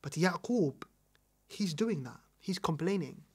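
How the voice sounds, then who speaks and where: A British man with a fairly high-pitched voice teaches a religious lesson. He presses his points home, repeats them for weight and throws questions back at the listener. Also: expressive, unhurried, darkish tone, husky. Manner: emphatic, repeats key points, asks rhetorical questions. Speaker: Islamic teacher.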